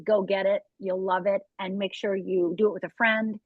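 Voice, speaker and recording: A woman's voice: medium pitch, level tone, normal speed, no echo. A woman life coach from Upper Michigan speaks candidly in an interview, turning to the listener with frequent asides. Her voice arrives thin and tinny, like a phone line, with no room sound around it. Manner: candid, direct storytelling with audience asides. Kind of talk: interview guest telling her story.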